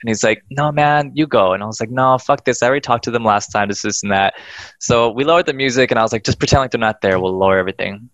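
Animated and profane, a man relays a ghost story on a podcast in a relaxed way, acting out each person's voice. He speaks in a lower register at a racing pace, and the recording is dry and muffled.

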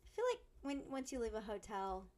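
A woman co-hosting a podcast, chiming in with quick jokes during a casual movie chat. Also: fairly high pitch, very animated, darkish tone. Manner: chiming in with quips and laughs. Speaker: podcast co-host.

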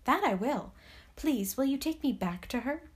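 Storybook princess, small girl, higher and louder than the reader's own voice, slow and eager; woman reads it. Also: animated, slightly rough. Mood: wondering. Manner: eager, wondering questions. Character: curious bright little girl princess. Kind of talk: storybook reading.

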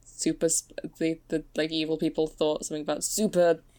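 A woman's voice: low voice, little pitch movement, fairly quick, mellow. A woman co-hosting a casual podcast, hesitant and trailing off into filler. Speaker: podcast co-host. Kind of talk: casual chat.

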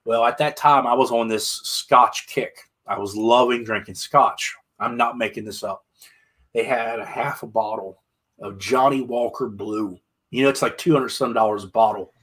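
A man's voice: mid-range voice, steady tone, normal speed, a bit bright. A man from Pennsylvania, a musician telling road stories in a casual, rambling way with many restarts. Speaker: musician guest. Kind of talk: casual storytelling.

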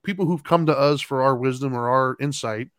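Middle-aged male co-host, chatty and animated, acts out quotes, dry recording. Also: medium pitch, fairly quick, no echo. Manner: animated, laughs while telling, acts out his kids' lines. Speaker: podcast co-host. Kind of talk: casual storytelling chat.

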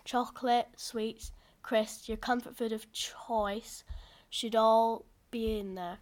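A man voicing a dry-humoured woman aid volunteer in a soft, quiet voice. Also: sits high, voice pushed up.

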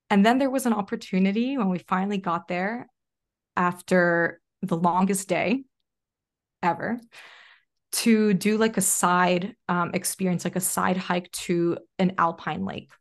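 A young adult woman, a podcast guest, telling a personal story in a chatty way, full of "like" fillers. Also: mid-range voice. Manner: chatty, frequent "like" fillers, animated retelling. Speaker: podcast guest, self-leadership coach. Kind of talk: casual interview storytelling.

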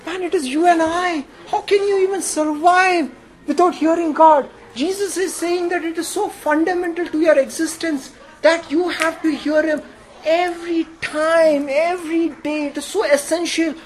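Male preacher, high voice, emphatic sermon, call-and-response, questions to the congregation. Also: steady tone, normal speed. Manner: emphatic, with sudden jumps in pitch and volume.

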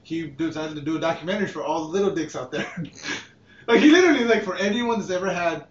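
A man's voice: on the high side, animated, quick pace. A man co-hosting a podcast in casual chat, rambling and swearing, with lots of "like" fillers. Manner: profane, rambling, heavy use of "like". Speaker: podcast co-host. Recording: echoey, dull room sound from a distance.

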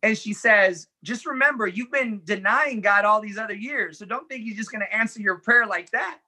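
A man's voice: high-pitched, moderate pace, bright, forceful tone. A man telling his life story as an interview guest, earnestly and animatedly, acting out the dialogue as he recounts it. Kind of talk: personal storytelling in conversation.

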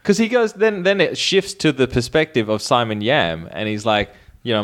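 A man's voice: mid-range voice, expressive, moderate pace. A man in a casual film podcast chat, making dry, wry comments.

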